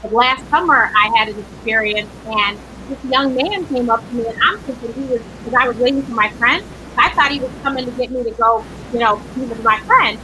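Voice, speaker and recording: A woman hosting an interview show, chatting in a relaxed, talkative way. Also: fairly high pitch, brisk, a little hiss or hum, rough recording. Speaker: host. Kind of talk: casual interview chat.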